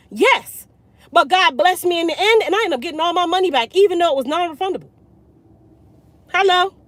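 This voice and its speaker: A woman with a Jamaican accent, a hair care business owner telling a storytime, blunt and animated, slipping into patois. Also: very high-pitched, dry recording. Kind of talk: storytime vlog.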